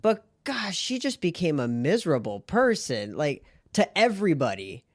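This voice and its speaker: A man co-hosting a podcast in casual chat, quick to react and share strong opinions. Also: fairly high pitch, sing-song, no room sound. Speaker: podcast co-host.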